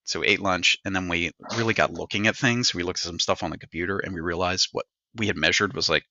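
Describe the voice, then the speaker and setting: This podcast co-host, a middle-aged man, speaks fast in a low, steady, bright and forceful voice. He tells a story as a rant in casual chat, performing what people said. It's a dry recording on a slightly dull podcast mic.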